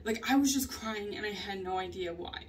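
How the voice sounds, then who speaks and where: A woman's voice: mid-range voice, moderate pace, recorded from a distance, slight background noise. A young woman talking candidly in a personal journal vlog, rambling and laughing often as she tells her story. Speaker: vlogger.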